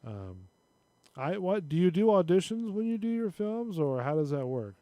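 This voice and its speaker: A man's voice: high voice, very animated, normal speed, dark tone, dry recording. A man hosting a casual chat, rambling with many fillers. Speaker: host.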